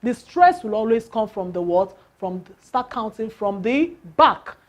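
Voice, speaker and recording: A woman's voice: on the high side, big pitch swings, measured pace. A woman teaching English word stress, asking the class questions and answering them herself, counting syllables aloud.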